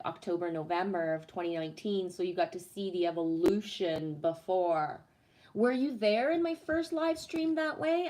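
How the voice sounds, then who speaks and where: A woman chatting casually on a live stream, reading the chat, swearing freely and laughing at herself. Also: mid-range voice.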